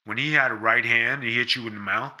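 Speaking briskly with a medium, steady pitch that sounds pushed and bright, a former pro wrestler tells stories during a casual interview. He's blunt and emphatic, and he swears without holding back.

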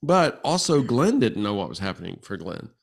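A man in his sixties, a guest on a relationship podcast, telling stories in an animated way and acting out the quoted exchanges. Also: lowish voice, normal speed, creaky, breathy edge. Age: 60s. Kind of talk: casual podcast conversation.

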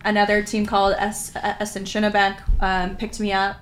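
Woman telling stories on a chat show, playful, acts out quotes, average pitch, bit of hiss. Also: normal speed. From Vancouver area, Washington, US. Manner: lively anecdotes, acts out quotes, laughs often. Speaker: former pro soccer player, podcast guest. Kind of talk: casual storytelling chat.

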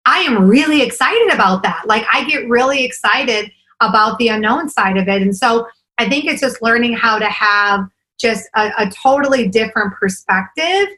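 A woman in her forties chats as a podcast guest, with a bright, forward voice. She talks eagerly and keeps checking in with "right?" between thoughts. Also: a little high, animated, moderate pace, low-quality recording. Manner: enthusiastic, fillers like "right?" and "like". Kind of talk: casual interview chat.

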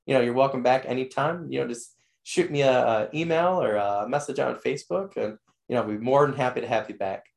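A man's voice: mid-range voice, brisk, gravelly. A man hosting a podcast interview, rambling with lots of fillers, enthusiastic, and losing his voice. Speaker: podcast host. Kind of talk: casual interview wrap-up.

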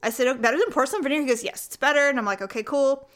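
A woman's voice: high voice, racing, fairly bright tone. Chatty woman podcast host. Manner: chatty storyteller, acts out quotes. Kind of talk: casual chat.

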